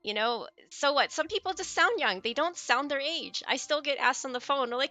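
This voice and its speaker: Forties streamer woman, higher than usual for her age, earnest and rambling, casual delivery. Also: animated, brisk, few pauses, sharp tone. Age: 40s. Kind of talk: casual chat.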